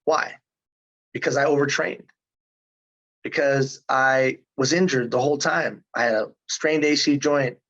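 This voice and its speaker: A man's voice: medium pitch, fairly even intonation, unhurried, fairly bright tone, muffled recording. A man in his fifties telling his story in a casual interview, earnest and emphatic. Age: 50s. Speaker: guest.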